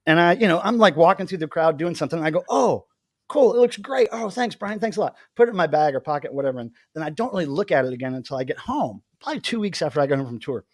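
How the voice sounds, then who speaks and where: A man hosts a casual livestream chat, his higher-pitched voice leaping around with lively energy. He laughs easily and tells stories with enthusiasm. The sound is dry and close, with no room echo. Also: racing, hardly any pauses. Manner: animated, laughs often. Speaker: livestream host.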